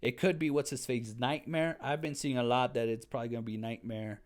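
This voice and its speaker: A man giving a casual, excitable review of a TV episode, rambling and slangy, often saying "dude". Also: mid-range voice, fairly quick. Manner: excitable, with many restarts.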